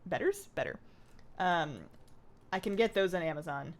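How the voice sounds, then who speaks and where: Chatty woman streamer with a lively voice. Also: on the low side, moderate pace. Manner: chatty, rambling, reads viewer comments aloud. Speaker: game streamer. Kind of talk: casual livestream chat while gaming.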